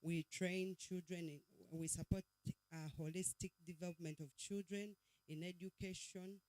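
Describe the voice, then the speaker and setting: Man, slightly high, mellow tone, brisk intro, dry close mic. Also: fairly even intonation, dry recording, poor audio. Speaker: youth worker introducing himself.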